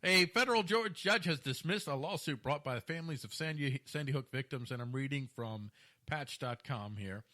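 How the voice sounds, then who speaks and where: A man's voice: mid-range voice, brisk, pushed and bright. A man co-hosting a casual talk show, joking and teasing while stumbling through read-aloud news. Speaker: co-host. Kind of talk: casual podcast banter.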